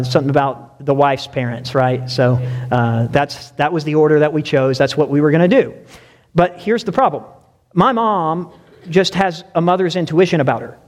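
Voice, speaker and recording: A young male preacher with a lilt and a noticeably high voice. He talks to the congregation in a conversational way and keeps asking them questions. His words echo with a long tail through a church hall. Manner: conversational, addresses listeners directly with questions. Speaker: pastor. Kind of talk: sermon with personal stories.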